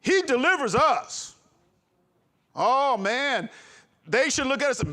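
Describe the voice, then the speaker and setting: A man's voice: very high-pitched, very animated, slow, pauses often, bright, forceful tone. A man preaching a sermon with an impassioned, emphatic delivery, breaking into laughs. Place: congregation hall.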